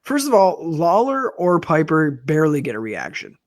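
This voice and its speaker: A man's voice: on the high side, huge pitch swings, moderate pace, no room sound, clean studio sound. A man co-hosting a casual podcast, wry and profane, talking in long rambling metaphors. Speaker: podcast co-host. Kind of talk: casual wrestling review chat.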